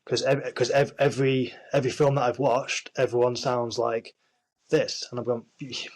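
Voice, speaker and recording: A Yorkshire-born actor and screenwriter speaks earnestly as a guest in a casual interview, restarting often and using plenty of fillers. His medium-pitched voice stays level at a moderate pace, and the recording quality is poor.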